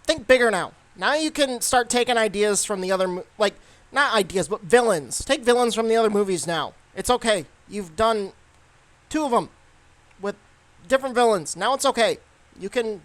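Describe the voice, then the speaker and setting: A man's voice: sits high, lively intonation, normal speed, a bit bright, no room sound. A young man giving a casual, rambling movie review, full of fillers and restarts.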